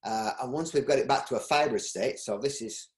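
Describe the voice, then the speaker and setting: A middle-aged man with a Yorkshire accent, a business owner, speaks fairly quickly at medium pitch as a casual interview guest. He rambles, often restarting with ums, and the space sounds echoey and roomy.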